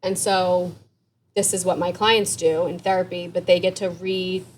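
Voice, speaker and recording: A woman therapist and author answering interview questions in a candid, conversational way, with quick asides and light laughs. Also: lowish voice, level tone, a little hiss or hum.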